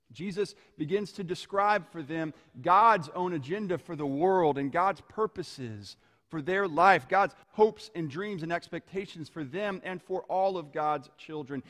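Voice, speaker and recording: Male preacher, slightly high voice, measured storytelling sermon, long hall reverb. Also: a bit bright. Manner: measured, storytelling, slowing on key phrases.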